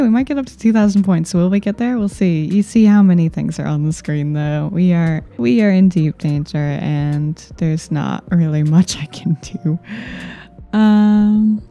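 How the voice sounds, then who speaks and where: Gravelly dark-voiced woman commentating a game. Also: medium pitch, highs cut off. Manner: thinks aloud, wry and self-mocking. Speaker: gameplay commentator. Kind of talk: casual gameplay commentary.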